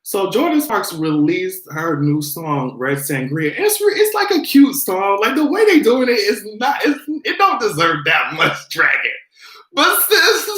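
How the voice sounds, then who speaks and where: A man's voice: on the high side, a bit bright, roomy sound. A man hosting a casual commentary vlog, sassy and profane, laughing often as he talks. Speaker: host.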